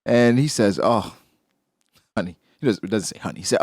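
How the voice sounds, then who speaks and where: A man's voice: moderate pace, long pauses, no room sound, clean studio sound. A man co-hosting a casual chat that breaks down a comic chapter, acting out characters' lines. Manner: animated, acts out characters' lines with big pitch jumps. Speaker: podcast co-host.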